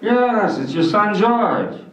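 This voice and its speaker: A man's voice: sits high, animated, slow, fairly bright tone, pitched above the performer's own voice, full character voice. A man imitating a corny, marble-mouthed old-time vaudeville announcer. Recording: distant, roomy, muffled hall recording.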